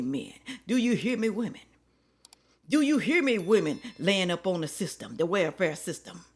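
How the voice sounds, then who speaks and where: Woman preaching hard to her viewers. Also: medium pitch. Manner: emphatic, preachy, repeats rhetorical questions to viewers; colloquial talk that drops into whispers for emphasis. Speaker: reaction video commentator. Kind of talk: casual opinionated commentary.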